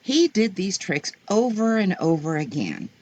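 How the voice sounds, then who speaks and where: A woman reading children's stories aloud in a slow, gentle, expressive way. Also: medium pitch, muffled recording. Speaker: storyteller. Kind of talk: children's story read-aloud.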